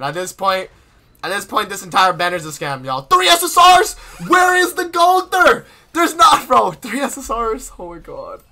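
A man's voice: high voice, sharp tone. A young man streaming a mobile game, reacting to his summons in casual, exasperated commentary full of slang and laughter. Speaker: gaming streamer. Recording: faint game music behind. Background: game music.

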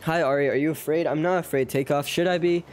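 A man's voice: on the high side, fairly even intonation, quick pace, slight background noise. A young man streaming a game live, rambling and joking at his own expense while chatting with viewers. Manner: rambling, self-deprecating, chats with viewers. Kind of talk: casual live game commentary. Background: faint game music.

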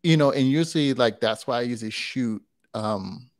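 A man talking casually as a photographer guest in an interview, relaxed and rambling, with lots of fillers and restarts. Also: medium pitch, normal speed, no echo, studio quality.

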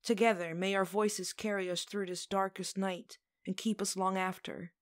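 A woman voicing a calm, earnest coven leader who speaks slowly and solemnly. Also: medium pitch, natural voice. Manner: slow, solemn speech-making.

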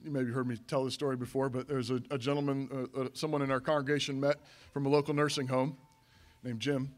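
A man's voice: medium pitch, flat delivery, fast talker. A middle-aged man, a pastor, preaching a conversational sermon to his congregation, repeating phrases and restarting lines as he goes. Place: church sanctuary.

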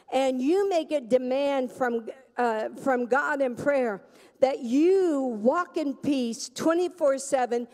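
A woman pastor preaching a sermon in a church, slow and emphatic, drawing the congregation into call-and-response. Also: high-pitched, a little mellow, long reverb tail. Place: church sanctuary.

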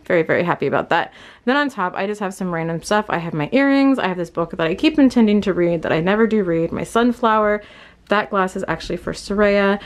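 A young woman vlogging a casual tour of her small bedroom, candid and rambling, a bit out of breath, filmed on a handheld phone. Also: mid-range voice. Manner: chatty and candid, rambling with fillers. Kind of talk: casual vlog room tour.

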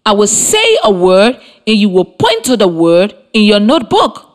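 A woman from Liberia teaching a primary lesson over the radio, with slow, clearly articulated, encouraging instruction to children. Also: mid-range voice, huge pitch swings. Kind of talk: slow scripted classroom instruction. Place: radio studio with students present.

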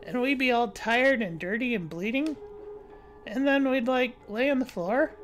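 A woman reading the lines of a blunt, goofy young adult female cat, telling a rambling story in a deadpan way. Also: fairly high pitch, normal speed, faint music behind, natural voice. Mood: wry.

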